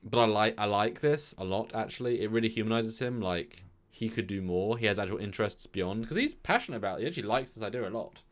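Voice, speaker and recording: A man's voice: fairly low pitch, quick pace, hardly any pauses. A man co-hosting a review show, chatting casually and acting out quoted lines. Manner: chatty, repeats words, lively quoted asides. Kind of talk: casual episode review chat.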